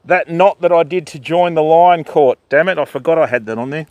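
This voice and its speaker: A man's voice: fairly high pitch, fairly quick, muffled recording. An older man hosting a fishing livestream by a river, chatting casually and greeting viewers by name. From Australia. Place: outdoors by a river.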